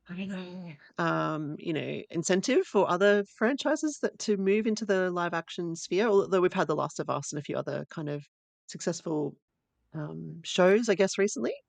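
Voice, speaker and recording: A woman's voice: fairly low pitch, gravelly, no room sound. A woman co-hosting a podcast in casual chat, losing her voice a little, chatty and laughing often. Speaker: podcast co-host.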